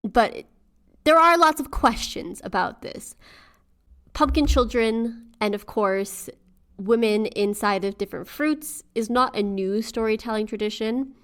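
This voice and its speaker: A woman's voice: fairly high pitch, unhurried. Chatty woman podcast co-host. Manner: chatty, animated retelling with quoted asides. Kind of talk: casual storytelling chat.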